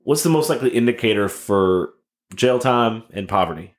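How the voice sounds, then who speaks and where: A man's voice: mid-range voice, animated. A man co-hosting a casual Christian podcast, talking earnestly and stumbling over restarts. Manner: earnest, halting with many restarts. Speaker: podcast co-host.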